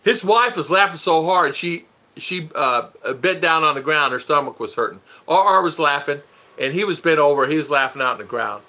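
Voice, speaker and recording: A man's voice: fairly high pitch, animated, normal speed, sharp tone. A man hosting a casual livestream, joking, teasing and laughing as he answers viewer comments. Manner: goofy, teasing, laughs often. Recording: dull lo-fi stream audio.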